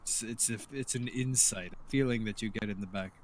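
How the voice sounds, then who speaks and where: A man's voice: lowish voice, a little fast, a little hiss or hum. A man playing a tabletop game, chatting casually with dry, jokey, theatrical quips. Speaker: player.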